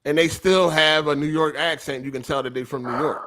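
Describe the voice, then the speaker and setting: A man's voice: fairly high pitch, steady tone, fairly quick, fairly bright tone. A man hosting a casual gaming podcast, reading out viewer comments and arguing his points loosely. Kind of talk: casual chat.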